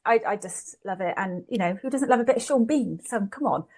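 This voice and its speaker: A woman's voice: mid-range voice, expressive, brisk, a little mellow. Bristolian woman hosting a podcast. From Bristol, England. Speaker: podcast host. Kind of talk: casual interview chat.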